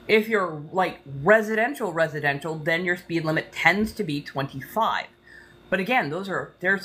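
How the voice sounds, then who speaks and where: A woman's voice: mid-range voice, sharp tone, a little hiss or hum. A woman hosting a casual livestream, ranting heatedly with lots of swearing and a slight Southern accent. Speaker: tarot livestream host.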